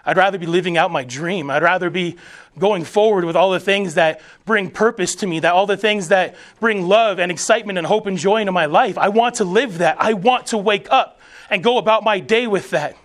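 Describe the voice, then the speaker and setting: A man around forty, a veteran, delivers an emphatic motivational speech to soldiers in a notably high voice. He speaks in bold, preacherly declarations. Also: brisk, fairly bright tone.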